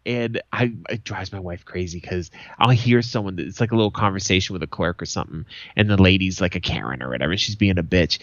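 A man's voice: deep voice, fast talker, hardly any pauses, no echo, dull audio. A male podcast host telling stories in casual chat, blunt and profane.

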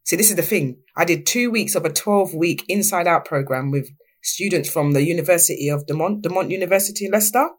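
Young woman, guest on a chat show, animated, does the voices of people she's quoting. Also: on the low side, quick pace. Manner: lively, animated, acts out quoted voices. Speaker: podcast guest. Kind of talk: candid storytelling interview.

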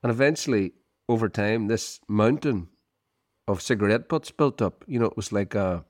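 A middle-aged Irish man co-hosts a podcast, his voice on the low side and his pace moderate. He tells a rambling story in casual chat, peppering it with "you know" and chuckles. The recording is studio quality with no echo.

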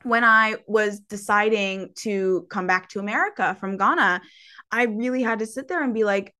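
A woman coach talking casually in an interview, animated and laughing often. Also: mid-range voice, normal speed. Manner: animated, laughs often, acts out her own past voice.

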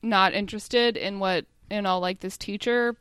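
A woman co-hosts a casual podcast with wry, blunt humor, teasing her partner. Her voice is smooth and clear, recorded close and dry. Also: mid-range voice, fairly even intonation, normal speed, fairly bright tone, no room sound. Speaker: podcast co-host.

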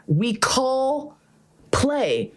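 A woman in casual podcast chat, telling a story in a lively way and swearing often. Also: high voice, very slow. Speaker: podcast host.

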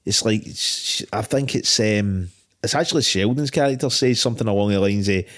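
A man's voice: fairly low pitch, normal speed, a bit bright. A man with a Scottish accent chatting casually about films as a podcast co-host, swearing freely and laughing often. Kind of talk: casual film chat.

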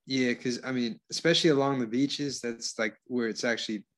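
A man's voice: medium pitch, fairly even intonation, a little fast, fairly bright tone. Man co-host, from Florida, casual swearing storyteller, mid-range voice. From Florida, USA. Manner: profane, storytelling, says dude a lot. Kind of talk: casual crude banter.

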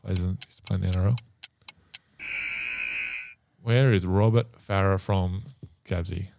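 Low gravelly quiz host. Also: male voice, steady tone, a little slow, noisy background. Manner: laughing, matey banter. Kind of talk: casual podcast quiz.

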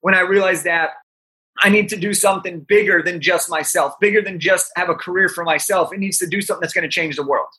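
A young man in his twenties, a podcast guest, telling an animated story with frequent "right?" asides. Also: high-pitched, quick pace.

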